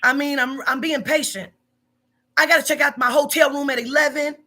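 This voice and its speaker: A woman's voice: sits high, fairly even intonation, brisk, bright, forceful tone. A woman in her forties, a business owner, scolding bluntly and profanely in a heated phone argument. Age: 40s.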